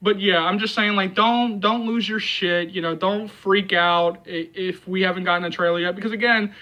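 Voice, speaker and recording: Bright-voiced man rambling through movie commentary. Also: high voice, fairly even intonation, moderate pace, low-quality recording. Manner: rambling, repeats himself, many fillers; emphatic, reassuring fans. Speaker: movie channel host. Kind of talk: casual commentary vlog.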